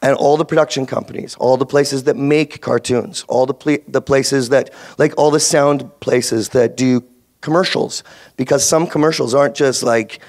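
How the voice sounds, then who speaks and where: A man with a Canadian accent, a voice actor speaking on a convention panel, giving career tips in a rambling, jokey way full of restarts. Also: medium pitch. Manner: rambling, jokey, self-interrupting.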